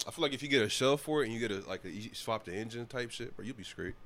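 Fast-talking joking man. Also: mid-range voice, lively intonation, fairly bright tone. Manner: fast, joking, profane banter. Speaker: podcast co-host. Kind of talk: casual chat.

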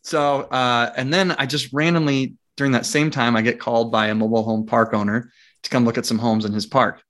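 A man at an average pitch, talking as a guest in a relaxed interview. He tells his story with energy, acts out the dialogue, and laughs as he goes. His talk is casual and full of restarts. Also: a little fast. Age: adult with young children. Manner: frequent fillers and restarts. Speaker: interview guest, property investor.

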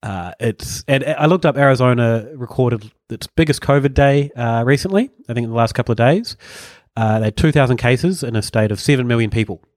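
A man's voice: mid-range voice, fairly quick, no echo, clean studio sound. A man hosting a podcast, telling stories in casual comedic chat and chuckling often. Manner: rambling storyteller, chuckling often. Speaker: podcast host.

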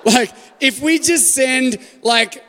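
A man's voice: high voice, big pitch swings, measured pace, pushed and bright. A man with an Australian accent preaching a sermon to a live congregation as pastor, joking and putting questions to the room. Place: church hall. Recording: live church hall reverb.

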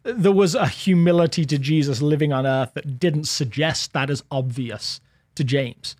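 English man, higher voice, dry sound. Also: moderate pace, a little mellow, dry recording. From England. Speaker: pastor. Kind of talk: casual chat.

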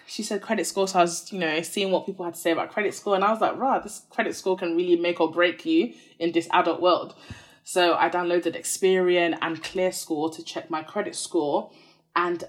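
A woman in her twenties, a podcast guest candidly telling a personal story in a chatty, earnest way, full of "like" fillers. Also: on the low side.

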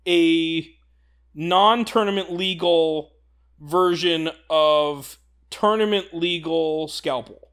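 A man with a fairly high voice talks through a miniatures game's rules, excited and laughing as he goes. He co-hosts a casual podcast chat and tends to explain things at length. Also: takes it slowly, smooth. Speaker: podcast co-host. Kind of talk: casual tabletop game discussion.

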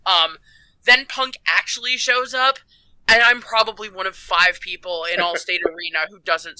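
Bright, excited man gushing on a podcast. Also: sits high, normal speed, clear, resonant tone, dry recording, poor audio. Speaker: podcast panelist. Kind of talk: casual chat.

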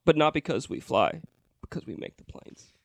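A man's voice: a little high, lively intonation, normal speed, no echo, clean studio sound. A man co-hosting a podcast, riffing and joking in casual chat, laughing often. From Wichita, Kansas. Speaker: podcast co-host.

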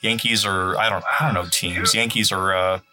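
A man's voice: low voice, fairly even intonation, normal speed, over loud music. A man co-hosting a movie-watching podcast, chatting casually with wry, hesitant remarks. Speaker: podcast co-host.

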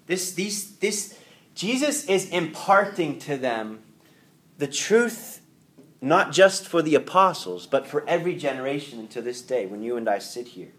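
A man's voice: a little high, sing-song, a little slow, a bit bright. A man teaching a Catholic Bible class to a room of students, talking in a conversational way with rhetorical questions.

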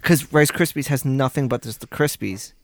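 A man's voice: medium pitch, moderate pace, no room sound. A man co-hosting a casual podcast, teasing and joking with his friends. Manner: teasing and jokey. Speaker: podcast co-host. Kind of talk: casual chat.

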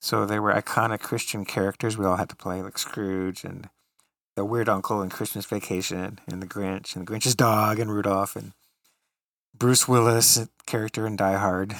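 A man with a low, gravelly voice trading stories as a podcast co-host. He talks casually and laughs easily, and the sound is close and dry, with no room around it. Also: fairly bright tone, dry recording. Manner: chatty storyteller who laughs often. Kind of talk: casual chat.

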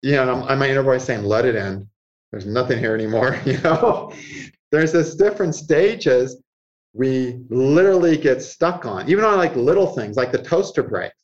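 A man, an astrologer guest in an interview, explaining ideas in a lively conversational way and acting out inner voices with frequent chuckles. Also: medium pitch, normal speed. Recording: muffled lo-fi sound.

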